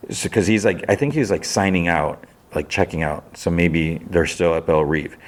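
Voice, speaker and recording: A man's voice: sits low, normal speed. A man hosting a podcast, casually recapping a TV episode in a rambling way with many restarts. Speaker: podcast host.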